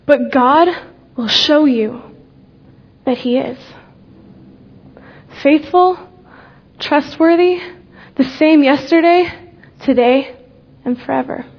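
In a slow, earnest faith testimony, a young woman with a high voice pauses deliberately and lets key words fade softly. The sound quality is dull.

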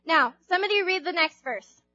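A woman's voice: very high voice, animated, brisk, pushed and bright, lo-fi sound, soft background music. A young woman giving a casual youth sermon, chatty, acting out Bible characters in little voices. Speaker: youth group speaker.

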